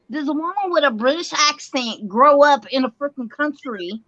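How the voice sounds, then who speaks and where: A woman, ranting in casual live-stream chat, animated and exasperated. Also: high-pitched, moderate pace, few pauses. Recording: dull lo-fi stream audio.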